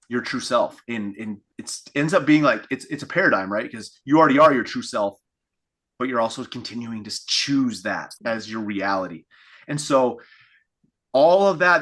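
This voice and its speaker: A man's voice: medium pitch, pushed and bright. A man giving a reflective coaching talk, thinking aloud with restarts and acting out inner thoughts in quotes. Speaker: fitness coach. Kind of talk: coaching call monologue.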